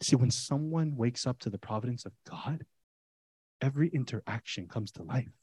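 A male pastor preaching an animated, conversational sermon full of rhetorical questions to his congregation. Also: mid-range voice, moderate pace, slightly rough, no room sound.

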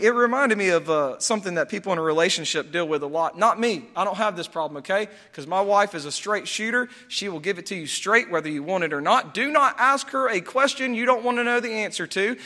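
A man preaching in a church, his voice unusually high and bright with a sharp edge. He is animated, jumping into raised, pleading voices when he quotes people. A long hall reverb trails every phrase. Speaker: pastor. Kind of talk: sermon.

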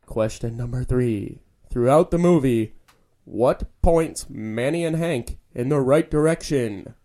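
A man's voice: medium pitch, slow pace, dark tone. A young man co-hosting a casual podcast, joking and swearing while running movie trivia with a friend. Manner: laughing, swearing, playful quizmaster. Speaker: podcast co-host. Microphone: handheld camera.

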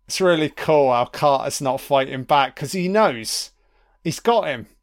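A man's voice: fairly high pitch, expressive, unhurried. A man giving a casual, sweary and wry commentary over a film.

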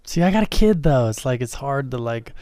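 Smooth-voiced man in relaxed podcast chat. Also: medium pitch, fairly quick, dry recording. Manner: relaxed, loose, many fillers and trailing thoughts. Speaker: podcast co-host. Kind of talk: casual chat.

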